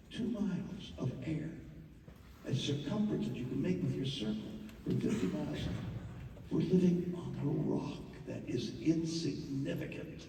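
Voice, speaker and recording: A man giving a theatrical live monologue, swinging from hushed murmurs to loud outbursts, with halting repetitions. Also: fairly high pitch, a little hiss or hum. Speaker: stage performer telling a personal story. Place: large theater. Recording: echoey hall, mic far off.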